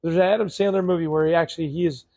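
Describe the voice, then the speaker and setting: A man's voice: a little high, steady tone, mellow. A man co-hosting a podcast in casual chat, chiming in with asides and questions. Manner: chatty, interjecting, quick asides. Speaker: podcast co-host.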